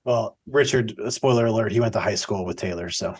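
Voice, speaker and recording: A man hosting a casual podcast chat over a video call, joking and laughing often in quick banter. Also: lowish voice, darkish tone, slightly rough. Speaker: podcast host.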